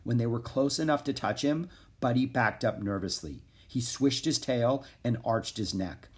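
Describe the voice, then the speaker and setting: A man narrating a children's chapter book in a calm, even reading voice. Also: mid-range voice, moderate pace. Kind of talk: storybook narration.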